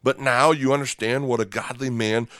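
A man's voice: mid-range voice, steady tone, moderate pace, a bit bright, no room sound, studio quality. A man preaching a sermon in a conversational way, often checking in with "okay?" and "right?" and repeating words as he starts a thought. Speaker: pastor.

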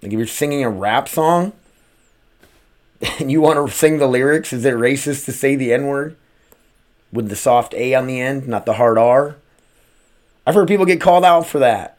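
Casting: man, solo podcast host, profane rambling rant, everyday mid-pitched voice. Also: moderate pace, pauses often, darkish tone. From United States. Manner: profane, rambling, rhetorical questions.

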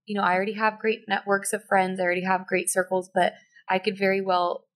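A woman's voice: flat delivery, fast talker, a bit bright. A woman in her thirties hosting a conversational podcast interview. She talks in loose run-on sentences full of "like", and her voice leaps upward whenever she quotes herself. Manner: chatty, lots of "like", pitch jumps when quoting herself. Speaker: podcast host.

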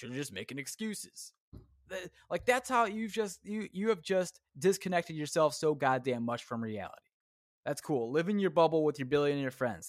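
Profane ranting man, slightly high voice. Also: no echo, studio quality. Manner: profane, swears constantly; rambling, self-interrupting. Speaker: podcast host. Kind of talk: casual solo rant.

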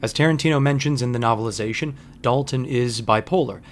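A man's voice: mid-range voice, a little fast, a little hiss or hum. A man hosting a podcast, giving a wry, conversational film commentary monologue with frequent asides. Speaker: podcast host.

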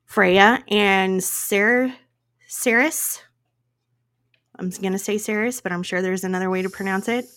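A woman's voice: medium pitch, steady tone, takes it slowly, a bit bright. A woman co-hosting a casual podcast, chatty and laughing often as she jokes about her own pronunciation. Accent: regional accent. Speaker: podcast co-host. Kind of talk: casual chat.

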